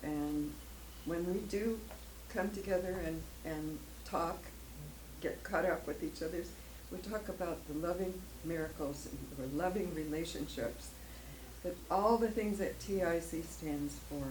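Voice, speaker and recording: A woman's voice: lowish voice, unhurried, a little mellow. An older woman giving an emotional personal testimony as a guest speaker at a church, rambling a little and laughing often. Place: church hall. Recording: echoey room, faint noise.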